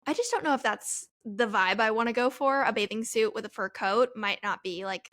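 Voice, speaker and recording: A woman's voice: fairly high pitch, normal speed, a bit bright. A woman in her twenties hosting a solo Q&A podcast, talking in a chatty, rambling way and laughing at herself. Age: 20s. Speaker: podcast host. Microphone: headphones, studio-style mic.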